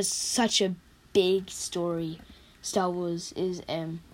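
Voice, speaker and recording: A young woman with a croaky voice, rambling in a casual vlog about her favourite movies and correcting herself often. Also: medium pitch. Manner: rambling, chatty, self-correcting. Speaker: vlogger. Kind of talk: casual movie countdown chat.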